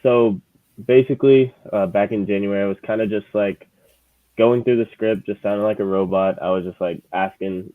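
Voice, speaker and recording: Young man, very low flat voice, tinny line. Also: no echo. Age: 20s. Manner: relaxed, halting with fillers. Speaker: lead manager guest. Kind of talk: casual chat. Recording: tinny phone-like call audio.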